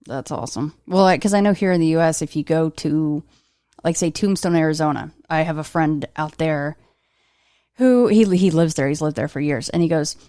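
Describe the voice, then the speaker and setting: A woman's voice: low voice, moderate pace, mellow, no echo, clean studio sound. A woman hosting a podcast, chatting casually and self-deprecatingly, laughing often. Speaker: podcast host. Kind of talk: casual interview chat.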